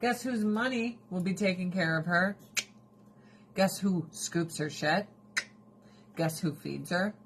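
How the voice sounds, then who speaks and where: A woman hosting a casual livestream, talking in a lowish voice with blunt, profane candor and frequent laughter. A faint hiss of noise sits under her speech. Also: slow pace, pauses often. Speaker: livestream host.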